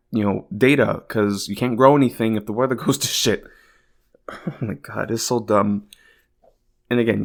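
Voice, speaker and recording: A man with a somewhat low voice hosting a casual political podcast. He reads news passages, then breaks into exasperated, swearing asides. His speech is loose and filler-heavy. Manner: exasperated, profane, many fillers like "like" and "you know". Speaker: podcast host.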